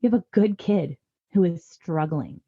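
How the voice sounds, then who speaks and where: A woman's voice: fairly low pitch, measured pace, slightly rough, narrow, tinny audio. A woman in her thirties giving earnest, reassuring parenting advice in a podcast conversation. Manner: earnest and reassuring, acts out parent lines softly. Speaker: parenting guest expert.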